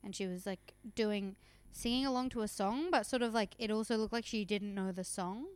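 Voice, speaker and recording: A woman's voice: mid-range voice, brisk, a little mellow, clean tone, dry recording. A young woman co-hosting a podcast, chatting and joking casually as she recaps a show. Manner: chatty, joking, trails off mid-sentence. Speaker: podcast co-host.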